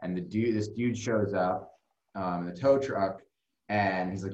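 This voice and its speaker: A man's voice: deep voice, fairly quick, a little mellow, muffled recording. A man guest telling a long story casually, rambling with plenty of fillers and swearing. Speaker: music video director, guest. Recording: roomy echo.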